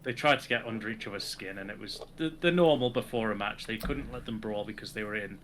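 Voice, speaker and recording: Bright-voiced man recapping wrestling. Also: lowish voice, fast talker, a little hiss or hum. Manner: sarcastic, recaps segments with acted quotes. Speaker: podcast co-host. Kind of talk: casual wrestling chat.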